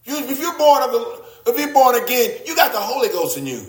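A male preacher delivers his sermon in a high, highly animated voice. He swings between loud exclamations and low, quiet asides, repeating words as he goes. The sound is roomy and echoing. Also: fairly quick. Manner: repeats words and restarts phrases.

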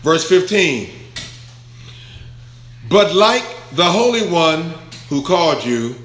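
A man's voice: a little high, big pitch swings, slow, fairly bright tone, echoey room. A man preaching a verse-by-verse Bible sermon, emphatic, stretching key words out and putting questions to the congregation. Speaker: pastor.

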